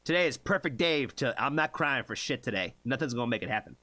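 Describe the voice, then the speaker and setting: Excitable swearing male streamer. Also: mid-range voice, fast, no room sound. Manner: excitable, swears often, chats with viewers. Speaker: music reaction streamer host. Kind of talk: casual live stream chat.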